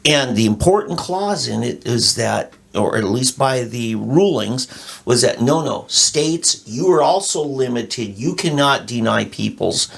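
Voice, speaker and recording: Male co-host, Minnesota accent, raspy gravelly voice, explanatory. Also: medium pitch, lively intonation, unhurried. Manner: explanatory, history lecture tone. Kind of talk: casual political talk.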